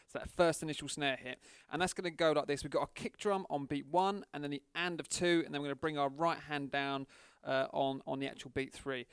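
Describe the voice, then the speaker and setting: Casual male drum teacher, counts beats aloud, crisp and dry. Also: a little high, no echo. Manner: chatty, counts beats aloud over the kit. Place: drum studio.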